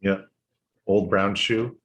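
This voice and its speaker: A man's voice: deep voice, steady tone, slow pace, a bit bright. A man co-hosting a podcast, chatting casually about music in an easygoing way and trailing off with fillers.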